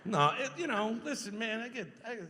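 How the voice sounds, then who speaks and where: A middle-aged man, a voice actor, telling stories at a convention panel Q&A, animated and quick to laugh. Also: very high-pitched. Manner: animated storyteller, acts out quotes, laughs often. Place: large convention hall. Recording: reverberant convention hall.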